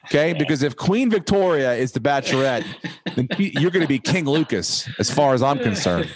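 A man hosting a podcast, ranting in a profane, rambling, animated way. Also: medium pitch, fairly quick, crowd noise. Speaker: podcast host. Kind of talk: casual podcast chat.

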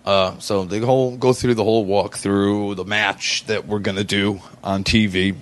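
A man's voice: on the low side, fairly even intonation, normal speed. A man in his forties telling a story in casual chat, rambling with fillers and restarts. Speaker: podcast guest.

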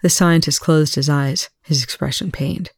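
A fan fiction audiobook narrator with a mid-pitched voice, reading in an even, measured way. The recording is dry and close. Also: breathy edge, no echo. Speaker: audiobook reader.

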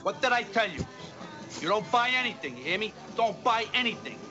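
A man's voice: high voice, big pitch swings, a little fast. An actor playing a middle-aged mob boss, berating and profane, repeating his demands. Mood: angry. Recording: film audio with loud music, muffled.

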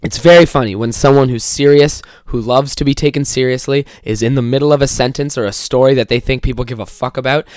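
A young man hosts a podcast in a casual comedic rant, swearing a lot and doing mocking impressions of the people he quotes. His voice is mid-range, and the recording is dry with clean studio sound.

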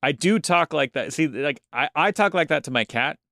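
A man co-hosting a casual podcast chat, halting often and repeating words as he thinks aloud. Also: a little high, expressive, sharp tone, no room sound, clean studio sound. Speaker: podcast co-host.

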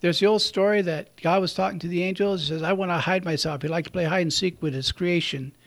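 High-voiced man preaching conversationally. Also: steady tone, fast talker. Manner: conversational, warm storytelling, chuckles at himself. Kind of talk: sermon.

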